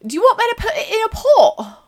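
A woman voicing an impatient Cumbrian woman at a sandwich counter, who repeats herself loudly and slowly. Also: very high voice, sing-song, pitched above the performer's own voice. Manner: loud, repeating herself slower and louder.

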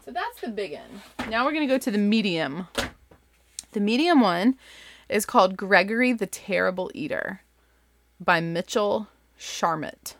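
A woman's voice: mid-range voice, animated, measured pace. A woman in her thirties, a parent, chatting enthusiastically about favorite picture books in a casual, rambling way. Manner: chatty, enthusiastic, lots of likes. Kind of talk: casual book recommendation chat.

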